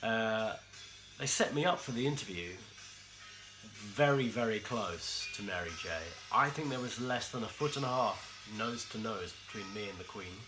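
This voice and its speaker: A man with a London accent telling a comic story in a dry, understated way, with pauses and asides. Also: fairly low pitch, expressive, rough recording. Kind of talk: deadpan comic monologue. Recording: music playing behind.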